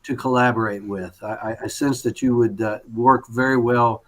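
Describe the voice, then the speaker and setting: A man's voice: mid-range voice, fairly even intonation, normal speed. A male conductor judges an audition over a video call. He praises the player at length and trips over many fillers and restarts along the way. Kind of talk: spoken feedback on a performance.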